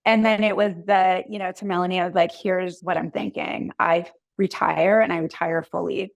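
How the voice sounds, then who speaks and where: A woman in her thirties, a podcast guest and coach, telling her story in a chatty, animated way full of "like"s. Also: lowish voice, moderate pace, creaky, no room sound. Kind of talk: casual conversational interview.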